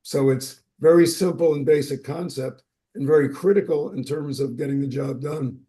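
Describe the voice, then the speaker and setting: A man's voice: on the high side, moderate pace, mellow. A man speaking plainly and matter-of-factly on a webinar panel.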